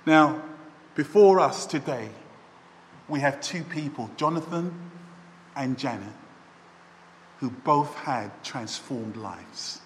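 Man, pastor, wedding sermon, storytelling, slow delivery, long church reverb. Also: medium pitch, expressive. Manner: storytelling, emphatic with slow stretched phrases. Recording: echoey church hall.

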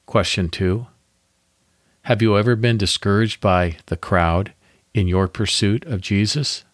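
A man hosting a devotional podcast, reading a guided Bible meditation in a calm, measured way with pauses. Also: lowish voice, no echo, clean studio sound.

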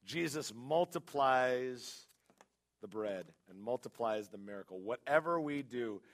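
A middle-aged man, a guest pastor, preaching a sermon in a church with animated, humorous storytelling. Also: mid-range voice, unhurried. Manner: animated storytelling with humor, rising to loud emphasis. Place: church sanctuary.

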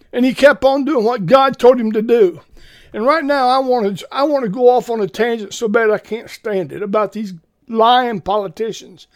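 A man hosting an informal preaching podcast, talking in an earnest, folksy and urgent way. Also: sits high.

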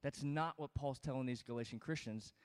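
A man's voice: mid-range voice, a little fast, darkish tone, smooth, big-room sound. A man teaching scripture as a pastor, emphatic and conversational, often checking in with his listeners. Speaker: pastor teaching a Bible study. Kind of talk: expository sermon.

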